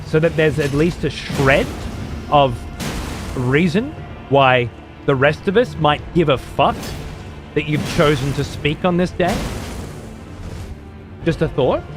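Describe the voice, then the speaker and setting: A man's voice: a little high, animated, slow, pauses often, over music. A man streaming a video game, commenting on play and ranting at his chat with heavy profanity. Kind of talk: live gameplay commentary.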